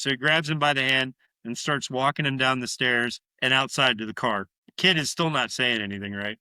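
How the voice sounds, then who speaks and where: A man's voice: mid-range voice, moderate pace, hardly any pauses, clear, resonant tone, no echo. A man co-hosting a podcast, retelling a horror film scene by scene in casual, profane chat. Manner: profane, animated retelling with acted-out quotes. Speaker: podcast co-host.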